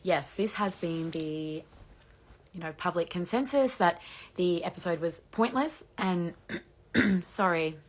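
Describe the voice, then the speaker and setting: Woman, croaky low voice, fast chatty gossip livestream host. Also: slight background noise. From Australia. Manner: fast-talking, chatty, laughs often. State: hoarse, losing her voice. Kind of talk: casual livestream chat reading comments. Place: bedroom at home with laundry drying.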